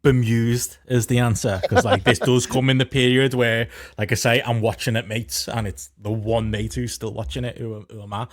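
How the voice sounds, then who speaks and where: A man's voice: medium pitch, level tone, moderate pace, few pauses, dry recording, studio quality. A man in his thirties co-hosting a podcast, telling rambling anecdotes with laughing asides. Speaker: podcast co-host. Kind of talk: casual podcast chat.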